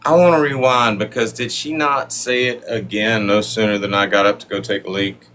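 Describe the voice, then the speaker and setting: A man's voice: lowish voice, fairly even intonation, normal speed, fairly bright tone, faint music behind. A man joining a group livestream, making dry, teasing remarks. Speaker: livestream guest. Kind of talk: casual livestream chat.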